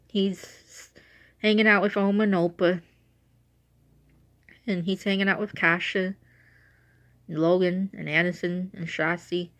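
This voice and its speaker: A young woman talking casually in a rambling, self-correcting way on her vlog, emotional as she remembers her late dog. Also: fairly low pitch. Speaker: vlogger.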